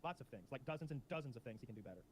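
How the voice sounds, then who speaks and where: A man co-hosting a casual chat, telling a story quickly and swearing freely. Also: mid-range voice, a little hiss or hum. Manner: fast, animated, swears freely. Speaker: podcast co-host.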